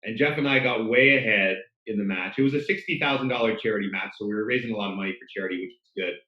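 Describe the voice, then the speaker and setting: A man's voice: fairly low pitch, rapid-fire, reverberant, highs cut off. A middle-aged man, a sports broadcaster, telling self-deprecating stories in a casual interview. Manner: storytelling, self-deprecating, animated.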